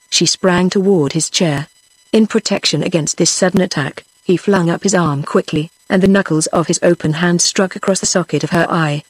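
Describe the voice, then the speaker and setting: A synthetic woman's voice with a British English accent, reading a story in an even, steady manner without acting the characters. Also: fairly low pitch, husky, no room sound. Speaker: audiobook narrator. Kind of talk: text-to-speech audiobook reading.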